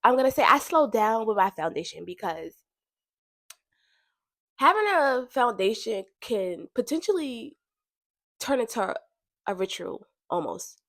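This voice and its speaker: Chatty animated woman, dry close sound. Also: unhurried, pauses often, no echo. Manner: chatty and animated, laughs often, bursts high when quoting. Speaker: podcast host. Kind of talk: casual spiritual talk.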